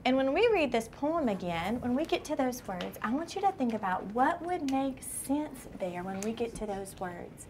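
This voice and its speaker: A woman kindergarten teacher leading a shared reading lesson, patiently questioning children and sounding words out slowly. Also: on the high side, very animated, darkish tone. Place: classroom with young children. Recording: classroom recording with clear background noise.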